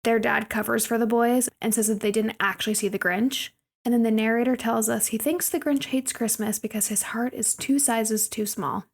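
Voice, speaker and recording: A woman's voice: a little high, fairly even intonation, moderate pace, vocal fry, few pauses. A woman co-hosting a podcast, chattily retelling a movie scene by scene. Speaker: podcast co-host. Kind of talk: casual podcast movie recap.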